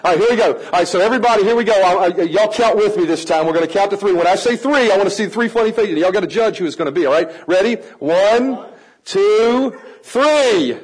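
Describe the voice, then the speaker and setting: A man teaching a room of adults how to work with children, energetic and playful, coaxing the audience to join in. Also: sits high, slightly rough, rough recording. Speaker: children's ministry trainer. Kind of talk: lively teaching talk to an audience.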